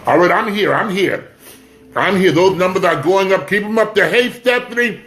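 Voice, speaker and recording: There's a little hiss or hum under this man's high-pitched voice as he hosts a casual livestream from home at a moderate pace. Chatty throughout, he greets viewers by name and encourages them to share.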